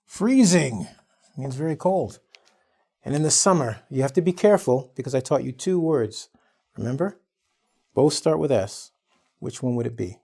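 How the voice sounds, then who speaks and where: A man's voice: medium pitch, normal speed, vocal fry, pauses often, warm tone, husky. A man from Canada teaching an online English lesson, playful and acting out exaggerated quotes.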